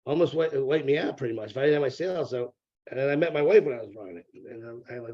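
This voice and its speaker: A man's voice: medium pitch, racing, dull audio. A man, a real estate broker, is a guest in a casual interview over a remote call. He rambles, repeats words and swears freely.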